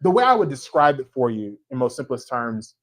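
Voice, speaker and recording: A man, an author, telling lively anecdotes about writing his book to an audience at a church event, often checking in for agreement. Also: mid-range voice, fairly quick, low-quality recording. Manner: animated, anecdotal, with a frequent tag question asking the audience to agree. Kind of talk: storytelling conversation before a live audience.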